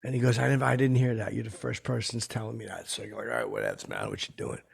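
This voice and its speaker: A man's voice: lowish voice, animated, fast, exaggerated voice. An actor playing a middle-aged, boastful, washed-up male comedian who rambles tactlessly in a podcast monologue. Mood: rambling. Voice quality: very gravelly, raspy. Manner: rambling, rough-spoken, tactless, lurching between bravado and sentiment. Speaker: podcast host. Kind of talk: comic character monologue.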